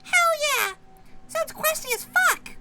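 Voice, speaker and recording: A streamer voicing a tiny, squeaky, aggressive female maggot who wants to fight everyone, with a shrill, shouty manner. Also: lively intonation, slow pace, loud music behind the voice, full character voice. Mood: feisty. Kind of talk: game dialogue voiced by streamer.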